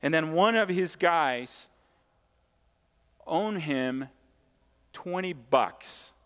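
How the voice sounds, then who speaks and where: Speaking extremely slowly, this pastor has a smooth, fairly bright, slightly high voice that he uses expressively. He preaches with emphasis and a conversational feel, repeating main ideas and making asides to the congregation. The recording carries long hall reverb.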